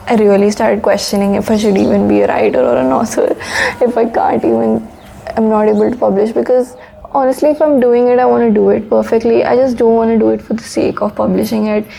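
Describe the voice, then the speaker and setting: A young woman talking to the camera in a casual vlog, rambling and candid, low-key and sleepy. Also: brisk, creaky, mellow, slight background noise, poor audio. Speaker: author and vlogger. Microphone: phone.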